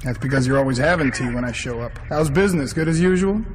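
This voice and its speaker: An actor voicing a rough, street-smart male detective in an anime dub, with a brash and mocking way of talking. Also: medium pitch, lively intonation, quick pace, long reverb tail, slight background noise, lightly acted.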